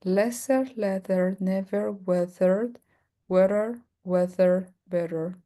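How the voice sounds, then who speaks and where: A woman whose first language is Spanish leads an online pronunciation class, stretching words out at a very slow pace. She drills the same word again and again and laughs easily between tries. Her voice sits at an ordinary middle pitch. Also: mellow. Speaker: English pronunciation teacher.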